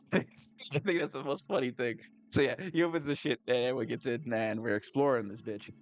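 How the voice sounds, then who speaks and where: A man's voice: medium pitch, a little fast. A man casually recapping a tabletop game session, swearing freely, laughing, and acting out his friends' lines. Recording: dull lo-fi sound.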